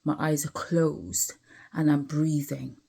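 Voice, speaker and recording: A woman speaks in a low, dark, gravelly voice. She is tired and talks candidly, with lots of asides to the listener and repeated phrases. She is sitting outside while she vlogs. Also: fairly even intonation, slow. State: tired, yawning. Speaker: vlogger. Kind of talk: reflective personal vlog.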